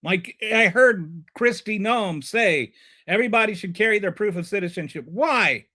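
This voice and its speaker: A man's voice: high-pitched, expressive, moderate pace, pushed and bright. A man hosting a live stream and ranting about politics. He is heated and sarcastic, and he stumbles and repeats words when he gets flustered.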